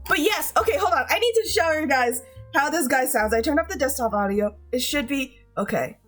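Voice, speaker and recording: A woman's voice: sits high, lively intonation, brisk, a bit bright, faint music behind. A woman streamer chatting casually with her viewers, gushing, giggling often and swearing freely, with frequent restarts.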